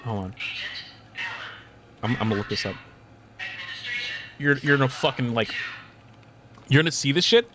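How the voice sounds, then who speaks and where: A young man streamer in casual chat, rambling and animated, swearing casually and laughing often. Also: mid-range voice, moderate pace, pauses often, soft background music.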